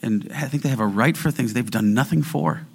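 A man preaching a sermon as pastor, moving between quiet explanation and loud, emphatic exhortation. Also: mid-range voice, fairly quick, creaky, slightly rough.

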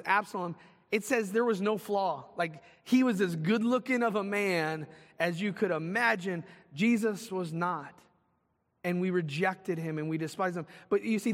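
High-voiced male preacher in a reverberant hall. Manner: preaching with dramatic swings from loud to hushed. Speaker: pastor. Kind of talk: sermon.

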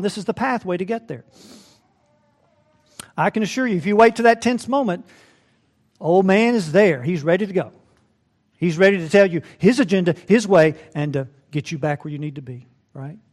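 A male pastor with a high-pitched voice delivers a sermon. He swings between loud, emphatic climaxes and soft, low asides, often asking his listeners "right?". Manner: addresses listeners as beloved, asks rhetorical "right?".

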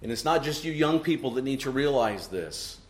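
A man's voice: mid-range voice, big pitch swings, moderate pace. A middle-aged man preaching a sermon to his congregation, emphatic and full of rhetorical questions tagged with "right?". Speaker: pastor. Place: church sanctuary. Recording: echoey church room.

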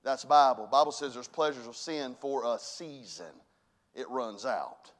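A man preaching a sermon as pastor, folksy and emphatic, dropping to a hush and then rising to loud exhortation. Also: medium pitch, a little slow.

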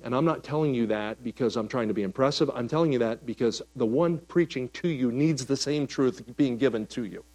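Preaching a sermon in a medium-pitched voice, a male pastor tells stories and shifts back and forth between loud, animated stretches and soft, hushed moments.

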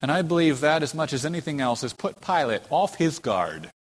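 A man's voice: fairly high pitch, sing-song, a little fast. A man preaching a sermon with dramatic emphasis, acting out the figures he quotes, in a church sanctuary. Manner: dramatic, voices quoted speakers with rising emphasis. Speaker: pastor. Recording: reverberant church hall.

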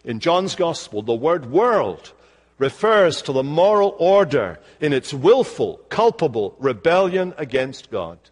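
Scottish preacher with lively pitch. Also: male voice. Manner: expressive preaching, slowing for emphasis. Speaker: pastor. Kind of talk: sermon. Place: church sanctuary. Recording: long church reverb.

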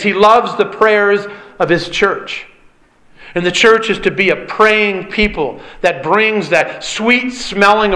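A man's voice: high voice, sharp tone, low-quality recording. A male preacher giving an emphatic sermon, repeating key phrases and putting questions to his listeners.

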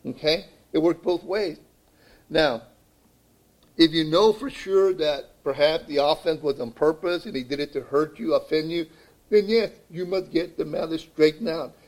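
A man preaching a sermon as pastor, often pausing to ask "okay?" and repeating words as he builds a point. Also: fairly high pitch, a little mellow, rough recording. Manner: repeats "okay?" to check in with listeners.

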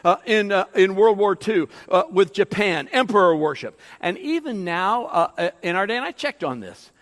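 A man's voice: high voice, expressive, normal speed, fairly bright tone. A man preaching a sermon as pastor, emphatic and rising and falling, with frequent fillers. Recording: long hall reverb.

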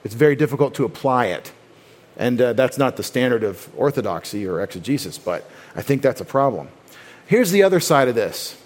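A man's voice: medium pitch, big pitch swings, a little fast. Man teaching a doctrinal sermon. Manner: explanatory, with frequent restarts and quoted voices. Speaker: pastor.

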